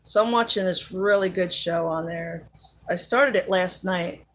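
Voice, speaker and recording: A woman's voice: lowish voice, measured pace. A woman with a Central New Jersey accent, hosting a casual live chat with viewers, chatty and laughing often, with many fillers. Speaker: live-stream host.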